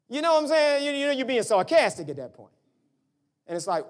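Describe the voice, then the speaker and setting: Animated man preaching. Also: extremely high pitch, fairly quick. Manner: animated preaching with storytelling and voiced family dialogue. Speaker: pastor. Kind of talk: sermon.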